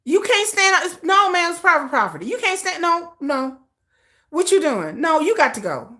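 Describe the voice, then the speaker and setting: A woman's voice: very high-pitched, very animated, moderate pace, pushed and bright. A middle-aged woman from the United States hosting a livestream, ranting emphatically and profanely with lots of repetition. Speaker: livestream host. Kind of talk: casual livestream rant.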